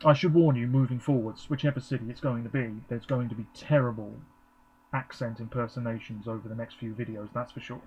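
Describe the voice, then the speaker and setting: A man's voice: medium pitch, steady tone, fairly quick, a little mellow, lo-fi sound, a little hiss or hum. A man giving a chatty, rambling live reaction, with frequent ums. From England. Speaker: vlogger. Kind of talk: casual live reaction commentary.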